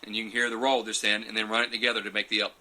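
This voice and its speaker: A man's voice: on the low side, little pitch movement, rapid-fire, very noisy. A man chatting casually in a live Q&A from his futon couch at home, folksy and friendly, chuckling between answers. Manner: folksy and friendly, calls people buddy and brother. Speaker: champion turkey caller answering live questions.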